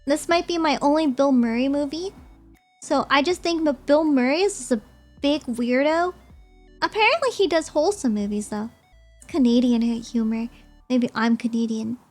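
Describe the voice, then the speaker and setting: A woman's voice: sits high, normal speed, soft background music. A young woman streamer chatting casually and rambling as she ranks movies, often giggling.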